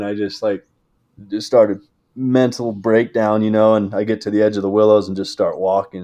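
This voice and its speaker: A young man telling a hunting story in casual talk, animated and laughing as he goes. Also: fairly low pitch, normal speed, highs cut off. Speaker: guest, game call maker.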